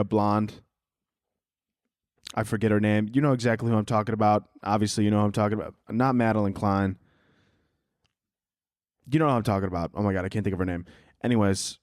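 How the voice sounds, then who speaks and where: A man's voice: on the low side, no echo, clean studio sound. Sarcastic profane man ranting on a podcast. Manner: profane, sarcastic, laughing at his own jokes. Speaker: podcast host. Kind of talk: casual solo podcast rant.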